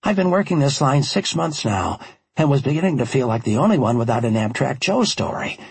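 A man's voice: medium pitch, big pitch swings, brisk, breathy edge, dry recording, voice pushed up, full character voice. A man voicing a chatty, eager young female train conductor in an audiobook. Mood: friendly. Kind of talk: audiobook character voice.

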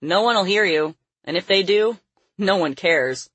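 Menacing male villain for a storybook, voiced by a woman narrator, smug and taunting, husky tone. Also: fairly low pitch, lively intonation, unhurried, a bit bright, no room sound, exaggerated voice. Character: smug, menacing middle-aged male captor.

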